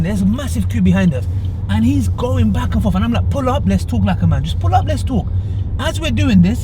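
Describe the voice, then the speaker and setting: A man's voice: sits high, background noise. A young man, casually retelling a road argument in a vlog from his car. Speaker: vlogger. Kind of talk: casual storytelling.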